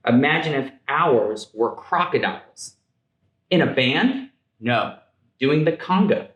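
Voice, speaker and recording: Male storyteller, gentle, playful, reads a picture book at an unhurried pace in a reverberant room. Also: mid-range voice. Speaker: vice mayor reading a picture book. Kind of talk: children's story reading.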